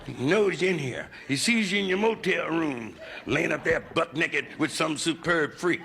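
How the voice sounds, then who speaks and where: Brief: male comic with a gravelly, lively voice, live club recording with hiss. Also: on the high side, normal speed. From United States. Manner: crude, gravelly, conversational. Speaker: stand-up comedian. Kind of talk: raunchy stand-up routine. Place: nightclub stage before a live audience.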